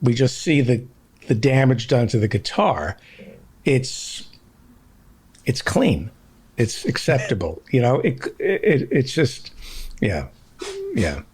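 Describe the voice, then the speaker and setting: A middle-aged man hosting a podcast, reminiscing in casual chat and quick to laugh. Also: medium pitch, big pitch swings, a little mellow, husky.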